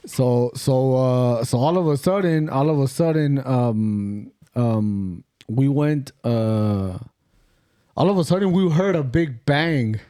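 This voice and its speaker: A man's voice: medium pitch, slow pace, warm tone, clear, resonant tone, no echo. A middle-aged man hosting a podcast, telling ghost stories in a rambling, profane, slangy way and dropping in Spanish phrases. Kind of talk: casual storytelling chat.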